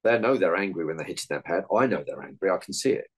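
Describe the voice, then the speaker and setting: A man's voice: low voice, expressive, fast talker, low-quality recording. A man, a meditation and martial arts coach, giving earnest interview answers full of anecdotes from his coaching.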